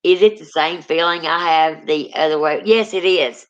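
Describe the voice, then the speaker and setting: A woman with a deep Southern US drawl talks in a low voice, folksy and chatty. Her speech comes through a slightly dull, lo-fi stream recording. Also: normal speed. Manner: chatty, folksy, calls people honey. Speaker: co-host. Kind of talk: casual chat on a livestream.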